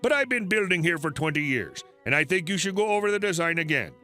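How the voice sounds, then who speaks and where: A man voicing a calm, polite immigrant builder who stays steady under pressure. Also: a little high, fast talker, faint music behind.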